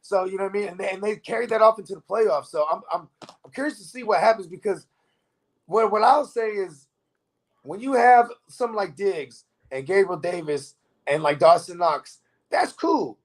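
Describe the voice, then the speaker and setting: A man's voice: sits high, moderate pace. A man co-hosting a live fantasy football show, talking casually and profanely and asking "you know what I mean" again and again. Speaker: fantasy football podcast co-host. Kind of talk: casual live-stream sports chat.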